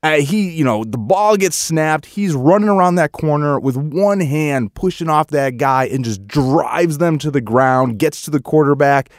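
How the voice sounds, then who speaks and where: A man co-hosting a casual sports chat, excitable and swinging between frustration and hype as he recaps a game. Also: fairly high pitch, a little slow, few pauses, dry recording, clean studio sound. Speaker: sports podcast co-host.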